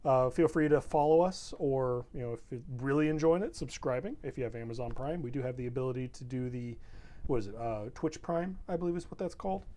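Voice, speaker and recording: A man's voice: mid-range voice, brisk, mellow. A young man in a casual, rambling stream chat, self-deprecating and laid-back, plugging the show between stories. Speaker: show regular.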